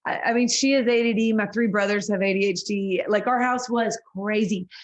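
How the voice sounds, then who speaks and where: A woman's voice: mid-range voice, steady tone, a little fast. A woman songwriter in her thirties talking earnestly in an interview, with frequent laughs and lots of "like". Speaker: singer-songwriter guest. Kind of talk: casual interview conversation.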